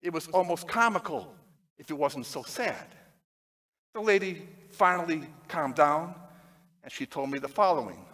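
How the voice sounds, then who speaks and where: A man preaching a sermon, telling a personal story with lively swings between excited, loud passages and hushed, tender ones. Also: on the high side, normal speed. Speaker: pastor.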